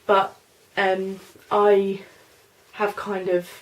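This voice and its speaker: A woman's voice: mid-range voice, flat delivery, very slow. A woman in her twenties with a mixed London and Norfolk accent, chatting in a casual Q&A vlog, rambling and hesitant with lots of fillers. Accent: mix of London and Norfolk English. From London, England. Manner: rambling, hesitant, many fillers and "I don't know". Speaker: vlogger. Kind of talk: casual Q&A vlog, reading questions aloud.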